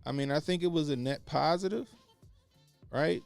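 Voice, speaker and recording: Gravelly, blunt-talking man. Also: a little high, normal speed, no room sound, soft background music. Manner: blunt, profane, repeats points for emphasis. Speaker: podcast co-host. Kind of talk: casual opinionated commentary.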